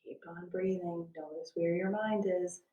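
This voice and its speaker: A woman teaching a guided meditation from her home, speaking slowly and softly and drifting into whispers at times. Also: on the low side, steady tone, muffled recording. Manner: slow, soft and soothing, drifting into whispers. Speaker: wellness instructor. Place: at home, landscaper heard outside. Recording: roomy, distant from the mic.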